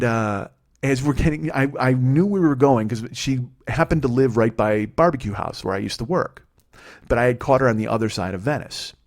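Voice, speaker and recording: A man in his forties from Illinois hosts a comedy podcast, telling rambling, heavily profane, self-mocking stories. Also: medium pitch. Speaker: podcast host. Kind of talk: comedic storytelling monologue.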